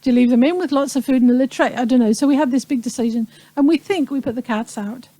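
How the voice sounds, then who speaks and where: A woman in her fifties from the Falkland Islands speaks to an audience, reflective and unhurried, pausing often, with dry humor. Her voice sits fairly high but sounds mellow and soft-edged. The sound is dry, with little room echo. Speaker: speaker recounting a wartime childhood. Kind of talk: personal talk to an audience.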